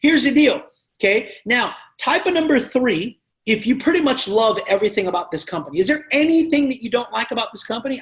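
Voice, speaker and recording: A man's voice: extremely high pitch, lively intonation, brisk, a bit bright. A man leading a sales team training, talking passionately and emphatically and acting out sales conversations. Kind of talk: energetic sales training talk.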